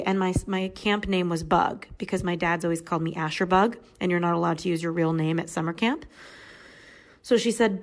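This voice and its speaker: Thirtysomething woman on a podcast, lots of vocal fry, telling her story real candid. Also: lowish voice, steady tone, moderate pace, rough recording. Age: 30s. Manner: candid, earnest, frank. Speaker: podcast guest. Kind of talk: personal storytelling.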